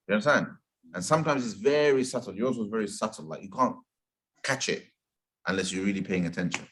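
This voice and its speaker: A man teaching a casual Quran pronunciation class in a community centre, patiently drawing out sounds slowly to demonstrate them. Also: fairly low pitch. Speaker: tajweed teacher. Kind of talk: informal Quran pronunciation lesson.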